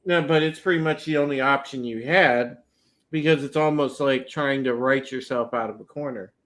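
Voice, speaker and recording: A man co-hosting a podcast in casual chat, relaxed and full of fillers and repeated words. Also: mid-range voice, moderate pace. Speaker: podcast co-host.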